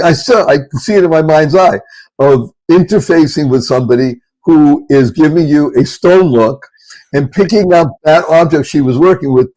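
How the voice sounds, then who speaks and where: A man's voice: fairly high pitch, a little mellow, rough recording. A man hosting a podcast, talking casually and effusively. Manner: enthusiastic, effusive. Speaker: podcast host.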